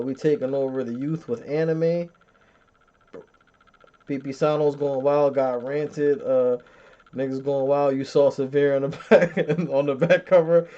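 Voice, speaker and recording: A man in his thirties with a medium-pitched, dark-toned voice hosts a podcast, chatting casually as he reads chat comments and tells stories. He's a profane, joking storyteller who swears and laughs often. The recording has a dull lo-fi sound.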